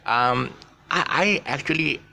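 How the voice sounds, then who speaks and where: A man's voice: mid-range voice, slow pace, gravelly, bright, forceful tone, a little hiss or hum. A man teaching English pronunciation casually, stretching the stressed syllables to demonstrate and restarting his sentences often. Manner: explains with many restarts and fillers. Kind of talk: casual spoken English lesson.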